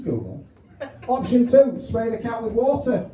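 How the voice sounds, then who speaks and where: Male stand-up comic, lively up-and-down delivery, high voice, filmed from the back of a pub room with crowd laughter. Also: normal speed, echoey room, far from the mic, low-quality recording. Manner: chatty, swearing, acts out phone calls. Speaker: stand-up comedian. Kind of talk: stand-up comedy set. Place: small pub comedy room. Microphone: handheld mic, filmed from far by tripod camera.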